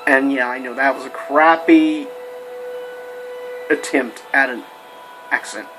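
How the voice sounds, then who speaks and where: A man's voice: mid-range voice, steady tone, slow pace, bright, forceful tone, low-quality recording. Rambling man reviewing a movie over music. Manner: rambling, lots of fillers and restarts. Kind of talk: casual spoken movie review.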